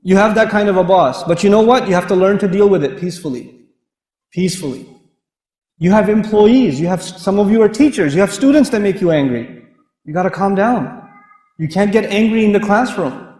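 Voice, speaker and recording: Guy preaching, kinda high voice, animated funny stories, big hall echo. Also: fairly quick. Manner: animated storyteller, laughs often. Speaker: Islamic lecturer. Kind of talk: lively sermon with humorous stories. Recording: echoey hall reverb.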